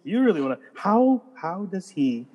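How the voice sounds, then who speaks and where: 一个声音沙哑、语调起伏很大的男人. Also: male voice, high-pitched, moderate pace, slightly rough, in a large hall, muffled recording. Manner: animated, swearing, jokey impressions. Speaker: podcast co-host. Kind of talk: casual chat.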